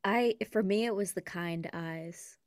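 A woman co-hosting a movie podcast in casual chat, cracking deadpan jokes and laughing often. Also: mid-range voice, a little slow, no room sound. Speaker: podcast co-host.

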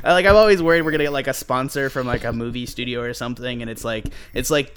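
A young man hosting a casual group podcast, animated and laughing, reading a sponsor spot and steering the talk back on topic. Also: medium pitch, quick pace, hardly any pauses, smooth. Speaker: podcast host.

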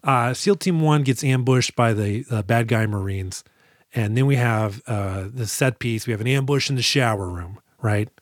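A man's voice: mid-range voice, normal speed, no echo, studio quality. A man co-hosting a podcast, chatting casually and jokily about an action movie. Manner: rambling, jokey, acts out lines from the movie. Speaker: podcast co-host. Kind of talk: casual movie review chat.

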